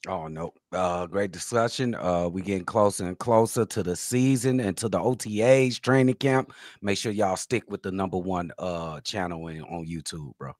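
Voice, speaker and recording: A man co-hosting a podcast, relaxed and joking, with slangy talk. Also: sits low, normal speed, no room sound, studio quality. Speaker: podcast co-host. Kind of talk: casual podcast chat.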